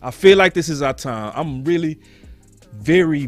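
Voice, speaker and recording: A man's voice: mid-range voice, animated, moderate pace, faint music behind. A man from Dallas hosting a sports talk show, ranting passionately and cursing freely. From Dallas, Texas.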